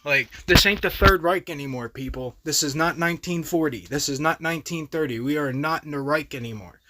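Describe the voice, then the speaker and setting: A man's voice: a little high, brisk, sharp tone. Heated, profane young man ranting. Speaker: reaction video host. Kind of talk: casual ranting commentary.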